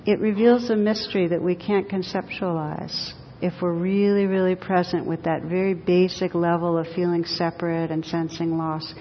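A woman teaching in a soft, slow and reflective way, giving a spiritual talk and reading a story aloud. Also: steady tone. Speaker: meditation teacher. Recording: dull echoey hall recording with faint rumble.

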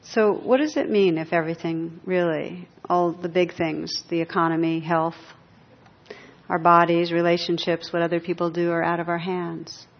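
A woman meditation teacher giving a dharma talk to a live audience, reflective and pausing, laughing at her own jokes. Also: on the low side, fairly even intonation. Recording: dull lo-fi talk recording.

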